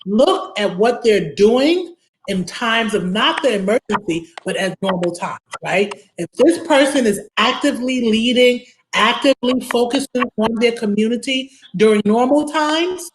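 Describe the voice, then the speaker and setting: A woman's voice: a little high, expressive, measured pace, low-quality recording. A woman with a Brooklyn accent, a guest attorney in an interview, talking emphatically, repeating words and ending points with "right?". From Brooklyn, New York. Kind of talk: interview conversation. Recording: faint background noise.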